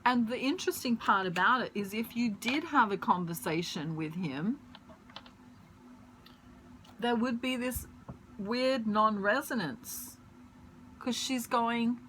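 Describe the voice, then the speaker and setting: A woman giving a casual tarot reading at home, chatty and rambling, pausing to search for words and laughing often. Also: fairly high pitch, a bit bright, slight background noise, rough recording. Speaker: tarot reader. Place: at home, pet bird nearby.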